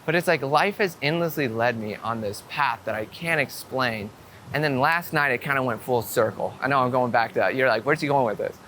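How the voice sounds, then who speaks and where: A man vlogging outdoors, telling a story to the camera in an eager rush and swearing freely. His voice is bright and forward, and faint street noise runs under it. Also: medium pitch, brisk. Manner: excitable, swearing storyteller with many "I'm like" quotes. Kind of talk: casual talk to camera.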